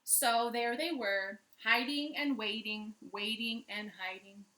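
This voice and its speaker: Storytime librarian woman, slightly high, bright, unhurried and expressive. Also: reverberant. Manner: gentle, expressive, playful. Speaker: children's librarian. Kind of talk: storytime read-aloud. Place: living room at home.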